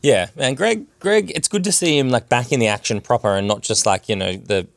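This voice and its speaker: A man's voice: mid-range voice, fairly quick, creaky, no room sound. A man co-hosting a television recap podcast, talking animatedly and scattering "like" through his sentences. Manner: animated, filler-heavy with "like". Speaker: podcast co-host. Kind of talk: casual podcast chat.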